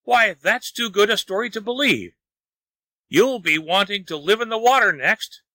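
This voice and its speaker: A teasing neighbor in a folk tale, quick to laugh and mock, as a male reader plays him. The voice sits a bit high and bright. Dry, close recording. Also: lively intonation, no echo, exaggerated voice. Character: amused, mocking neighbor man.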